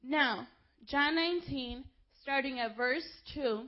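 A woman's voice: high-pitched, slow pace, highs cut off. A woman preaching a sermon to her congregation, speaking with passion and shifting into casual asides to the room. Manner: impassioned, rising to shouts when quoting crowds.

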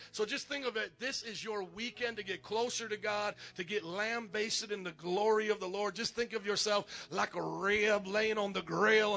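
A man making lively, joking announcements from the pulpit of a church, calling out to the congregation. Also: high-pitched, vocal fry. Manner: animated, joking, calls out to the congregation. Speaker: pastor. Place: church sanctuary.

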